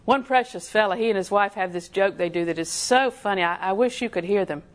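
A woman's voice: mid-range voice, fairly quick. A woman preaching a sermon in a folksy, emphatic way, often putting questions to her listeners.

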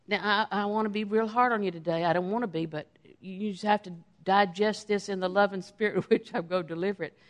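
A woman's voice: mid-range voice, fairly even intonation, a little fast, hardly any pauses. A middle-aged woman giving a sermon in a conversational way, acting out quotes of her own everyday talk. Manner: conversational preaching with acted-out quotes of herself. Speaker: preacher.

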